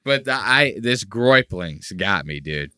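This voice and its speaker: Bright, crisp-voiced podcast host. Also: male voice, on the low side, big pitch swings, slow, dry recording, studio quality. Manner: crude, rambling, mocking. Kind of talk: casual podcast chat.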